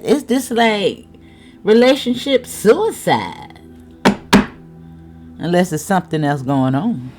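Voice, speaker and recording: A woman giving a casual tarot reading, chatty, with laughing asides and drawn-out exclamations. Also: fairly low pitch, expressive, music in the background. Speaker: tarot reader.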